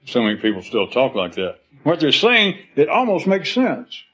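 A man's voice: fairly high pitch, huge pitch swings, moderate pace, fairly bright tone, slightly rough, poor audio. A man speaking to a live audience in a rambling, philosophical way, acting out quoted voices and laughing as he goes.

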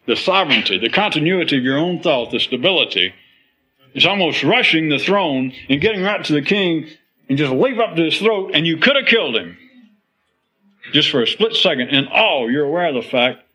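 A man's voice: on the high side, animated, normal speed, bright, forceful tone, breathy edge, low-quality recording. A man speaking to a live audience in a rambling, philosophical way, acting out quoted voices and laughing as he goes.

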